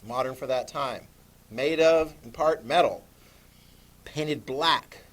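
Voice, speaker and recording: A man in middle age lectures a class on history in a slightly high voice. He is animated, keeps throwing questions at his students, and slips into quick voices for the people he talks about. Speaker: history teacher.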